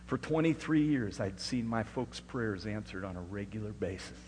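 Middle-aged man, pastor, sermon with testimony, hall reverb, shifts from hushed telling to loud preaching. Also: fairly low pitch, animated, normal speed, slight background noise. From Alaska. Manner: swings from hushed storytelling to loud, rising preaching.

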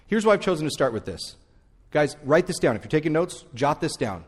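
A man's voice: on the high side, animated, fast talker, a little mellow. A male pastor preaching a sermon, talking straight to the congregation and repeating key phrases for emphasis. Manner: conversational, speaks straight to the congregation. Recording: long church reverb.

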